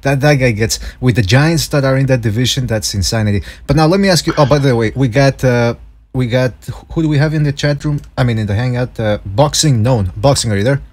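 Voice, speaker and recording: A man hosting a loose, casual boxing podcast in a husky, slightly rough voice. He swears a lot and laughs as he talks. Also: medium pitch, a little fast, a little mellow. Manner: swears freely, laughs often. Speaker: podcast host.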